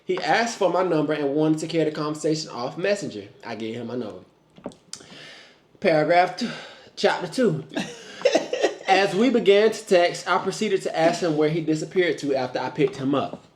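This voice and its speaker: Man, co-host, teasing, lively pitch, faint background noise. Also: moderate pace, reverberant. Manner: animated, teasing, breaks into laughter. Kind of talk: reading listener stories aloud.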